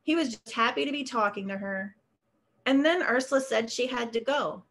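Woman author reading her story, steady, bit high voice, video call. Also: normal speed. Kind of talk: literary reading.

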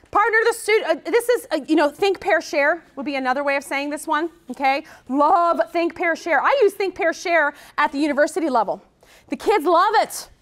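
High-pitched woman, lively conference workshop speaker. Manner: energetic, chatty, says "okay?" often. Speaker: workshop presenter. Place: conference room.

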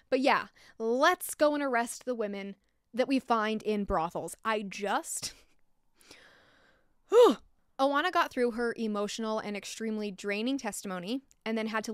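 A woman's voice: on the high side, a bit bright, clean tone, no room sound, clean studio sound. A woman hosting a true crime podcast, telling the story in a blunt, passionate way and swearing when angry. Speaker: podcast host.

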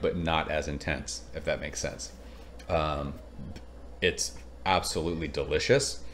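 A man in his thirties from Southern California, casually reviewing a beer in a rambling, excitable vlog, swearing now and then. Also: rumbling low, slight background noise.

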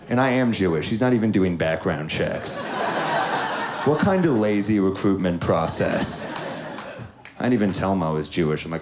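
A man from New York does a stand-up set at normal speed, deadpan and dry, lowering his voice whenever he quotes someone. He's onstage at a comedy club with a handheld mic, and the live recording picks up crowd noise, laughter and the room's ambience.

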